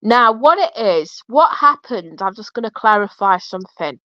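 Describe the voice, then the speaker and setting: A woman's voice: medium pitch, animated, moderate pace, sharp tone, no echo. A woman hosting a livestream who is losing her voice, earnestly explaining at length. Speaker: livestream host. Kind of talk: livestream chat. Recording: muffled lo-fi stream audio.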